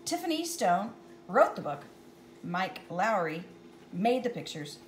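A woman's voice: medium pitch, very animated, unhurried, slight background noise. A woman reading a picture book aloud to children, playful and chatty, laughing at the jokes as she goes.

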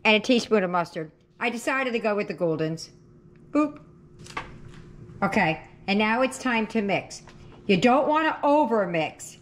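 A woman's voice: medium pitch, animated, unhurried, a little hiss or hum. Chatty woman cooking at home. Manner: chatty, self-correcting, talks while cooking. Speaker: cooking channel host. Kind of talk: casual cooking demo. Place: home kitchen. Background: frying and sizzling.

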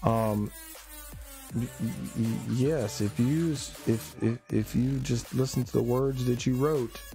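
A man's voice: mid-range voice, steady tone, slow pace, dark tone, faint music behind. A tired man streaming live, ranting in a blunt, profane and rambling way. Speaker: livestreamer. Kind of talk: casual live-stream rant.

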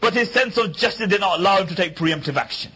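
A man's voice: sits high, lively intonation, quick pace, bright, forceful tone, husky, rough recording. A man giving an Islamic lecture, telling a story in an earnest, emphatic way and repeating key lines for weight. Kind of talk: storytelling sermon.

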